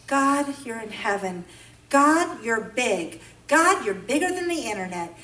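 Woman preaching w/ jokes, high sharp voice, roomy hall sound. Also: a little slow. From California. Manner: animated storytelling, playful then earnest. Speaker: women's breakfast speaker. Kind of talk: humorous sermon. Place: church event hall. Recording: echoey hall, mic at a distance, faint ambience.

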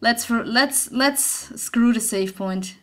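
A young woman narrates her horror playthrough in an unhurried, drawn-out way, her voice slightly raised and bright. She jumps at scares, curses under her breath and breaks into nervous laughs. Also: on the high side. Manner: jumpy, swearing, nervous laughter. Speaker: gaming channel host. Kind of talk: let's play commentary.

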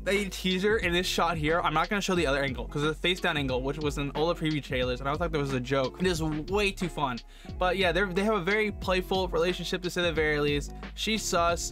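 A young man casually reviewing an anime episode, excitable and slangy, often saying dude and bro. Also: fairly high pitch. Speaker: anime reaction youtuber.

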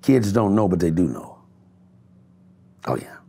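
Deep-voiced man, candid and reflective. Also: sing-song, measured pace, mellow, breathy edge. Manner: low-key, reflective, swears freely. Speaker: interviewee. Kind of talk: candid street interview.

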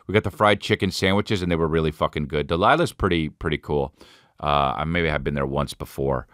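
A man's voice: extremely low pitch, a little fast, fairly bright tone, dry recording, clean studio sound. A man in his forties hosting a podcast, telling stories in a rambling, profane way full of restarts. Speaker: podcast host. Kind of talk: casual storytelling monologue.

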